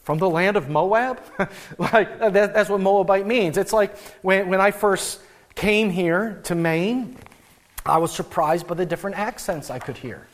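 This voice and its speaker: Young male pastor, light high voice, chatty animated sermon delivery. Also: measured pace. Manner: conversational, animated preaching with frequent restarts.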